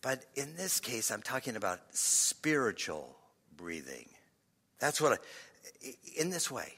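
Soft-spoken older pastor, breathy whispers. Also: male voice, medium pitch, sing-song. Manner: slow, soft and meditative, with sighs and chuckles. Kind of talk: sermon with guided breathing and whispering. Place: church. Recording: large hall with long reverb.

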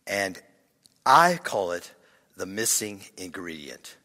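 An older man preaching a sermon, slow and meditative, leading breathing and dropping into breathy whispers, with sighs and soft chuckles. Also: low voice, sing-song. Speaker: pastor. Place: church. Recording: large hall with long reverb.

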